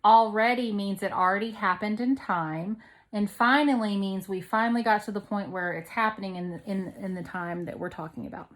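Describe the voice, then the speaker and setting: A woman teaching a second grade grammar lesson. She explains step by step, reads example sentences aloud slowly and checks in often with "okay?". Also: mid-range voice, fairly even intonation. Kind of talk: online grammar lesson for children.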